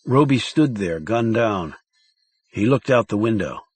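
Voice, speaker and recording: A man reading a thriller audiobook in a measured, dramatic narration style. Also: fairly low pitch, lively intonation, husky, no room sound.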